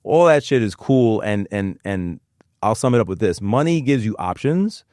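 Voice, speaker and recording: Brief: lowish male host, easygoing and earnest, casual swearing, dry close mic. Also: animated, moderate pace, darkish tone, no echo. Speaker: podcast host. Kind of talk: casual interview chat.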